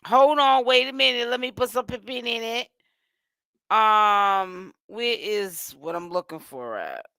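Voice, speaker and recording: A woman's voice: a little high, slow pace, vocal fry, bright, forceful tone, no echo, studio quality. A woman hosting a gossip commentary vlog, talking in a sassy, chatty way with lots of "honey" and "child" asides. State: tired and yawning while fasting. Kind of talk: casual chat.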